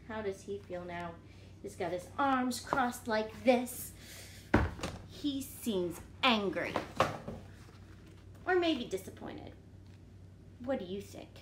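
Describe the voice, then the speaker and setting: A woman teacher reading a picture book aloud to children, animated and often asking them questions. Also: fairly high pitch, a little hiss or hum. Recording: echoey room.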